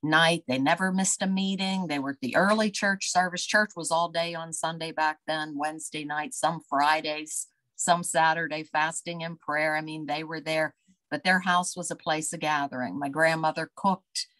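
Low-pitched woman reminiscing slowly w/ lots of ums, dry close sound. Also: fairly even intonation, a bit bright, no room sound. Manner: reminiscing, unhurried, with many fillers. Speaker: interview guest. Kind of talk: casual storytelling.

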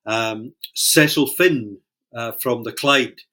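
A man who leads in the fishing industry is interviewed for an oral-history recording about his working life. He speaks thoughtfully and slowly, often repeating words as he gathers his thoughts, in a medium-pitched voice that is bright and forceful.

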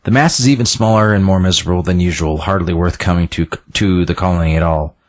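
A man's voice: deep voice, fast, lightly acted. A man reading as a weary, disillusioned priest. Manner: plain read-aloud delivery, slight stumbles.

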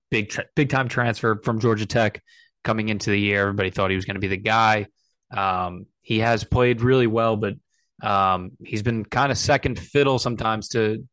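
A man with a lowish voice hosts a laid-back sports talk show, pausing on "um" and "uh" as he goes. His delivery is loose and unpolished, with casual cursing. The sound is dry and close, with no room around him. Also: no echo. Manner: relaxed, hesitant, drops fillers and swears. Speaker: podcast host. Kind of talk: casual sports podcast chat.

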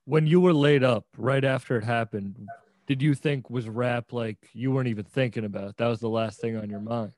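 A man interviewing a rapper in a relaxed way, with short prompts and casual replies. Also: medium pitch, a little fast, dry recording.

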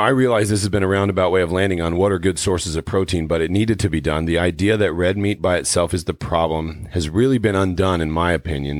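A man hosting a wellness podcast, explaining in an earnest, measured way. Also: low voice, dry recording. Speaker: podcast host. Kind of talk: casual podcast chat.

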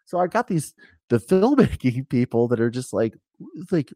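A man's voice: medium pitch, very animated, normal speed, warm tone, no echo. A man as an interview guest, talking candidly and animatedly in a casual conversation over a remote call, with frequent restarts and swearing.

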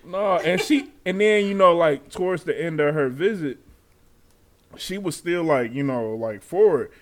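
Animated man in his twenties telling stories. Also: on the high side, a little slow, a little hiss or hum. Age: 20s. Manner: animated, acts out quotes with laughs. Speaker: podcast host. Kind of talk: casual storytelling chat.

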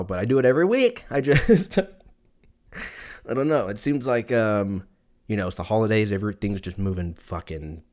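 A man hosting his own podcast, chatting casually in a rambling, profane way and laughing often as he goes. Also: lowish voice. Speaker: podcast host. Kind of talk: casual solo podcast rant. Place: lives in Texas.

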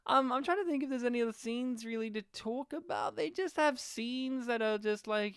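Man, podcast co-host, animated and sweary, smooth clear voice, dry close sound. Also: very high voice, normal speed, no echo. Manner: animated, sweary, acts out quotes. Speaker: podcast co-host reviewing a movie. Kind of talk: casual chat.

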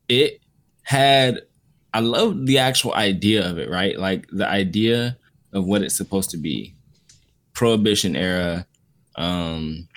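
A man with a fairly low voice talks through an anime series in a loose, rambling way. He leans on filler words as he works out his opinions in casual podcast chat. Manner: relaxed, rambling, frequent "like" fillers. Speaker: co-host reviewing an anime series.

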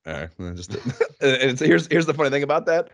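A man co-hosting a casual gaming podcast, animated and laughing often as he tells stories. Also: medium pitch, fast, dry recording, studio quality. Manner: animated, laughing, swearing freely. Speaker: podcast co-host.

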